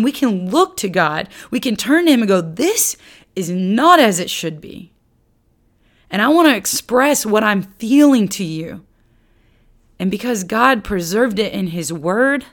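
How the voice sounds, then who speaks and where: A woman teaching on lament in a sermon, earnest and emphatic, dropping to a soft, low voice when she speaks prayers aloud. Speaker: Bible teacher.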